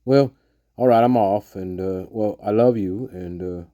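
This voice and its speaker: A man's voice: on the low side, unhurried, dark tone, no echo, clean studio sound. A man hosting his own channel in a casual, rambling vlog, joking around and laughing often. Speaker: channel host.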